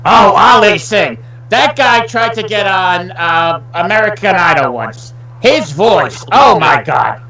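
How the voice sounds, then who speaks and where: A man's voice: sits high, lively intonation, slow pace, hardly any pauses, sharp tone, roomy sound, distant mic, low-quality recording. Crude mock-outraged man, off-mic. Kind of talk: comedic riffing banter.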